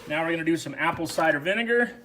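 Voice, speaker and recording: Bright-voiced man hosting a cooking vlog. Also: on the high side, animated, very fast, a little hiss or hum. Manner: chatty, explains each step to the viewer. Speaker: cooking show host. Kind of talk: casual how-to cooking narration.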